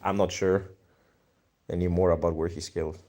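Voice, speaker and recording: Greek accent guy streaming, chill and slangy, kinda low voice, thinks out loud. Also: little pitch movement, moderate pace. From Greece. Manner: laid-back, slangy, thinks aloud with many fillers. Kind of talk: casual live-stream chat reading viewer comments.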